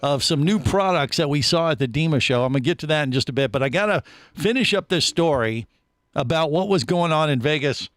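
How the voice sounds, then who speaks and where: A man's voice: fairly high pitch, fairly quick, dry recording. A man hosting a casual radio talk show from a studio, telling a long story with lots of restarts and asides. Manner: animated storyteller, many restarts.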